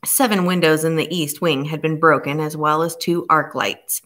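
A woman narrating a novel aloud in a steady storytelling manner. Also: sits low, moderate pace. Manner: steady storytelling with voices for each character. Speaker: audiobook narrator. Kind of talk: scripted narration.

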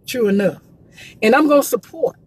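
A woman, from Georgia, speaks live into her phone from the roadside. Her voice sits a little high and husky. She talks in an emphatic, preachy way and repeats herself often. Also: lively intonation, normal speed, dry recording. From Columbus, Georgia. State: emotional, near tears. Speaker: gospel promoter. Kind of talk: live social media talk. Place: in a car by the road.

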